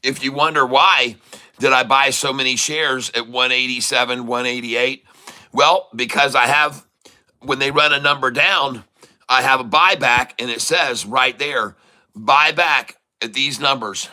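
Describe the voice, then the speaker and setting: A man hosting a casual live day-trading stream, hoarse from losing his voice, teasing and greeting his viewers with frequent chuckles. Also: medium pitch, a little slow, sharp tone, poor audio. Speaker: day-trading livestream host.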